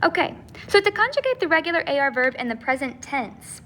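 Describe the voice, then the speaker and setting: A woman's voice: high voice, sing-song, a little fast, fairly bright tone, a little hiss or hum. A woman teacher explaining grammar step by step, checking in often with "okay?" and "right?". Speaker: Spanish teacher. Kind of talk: recorded grammar lesson.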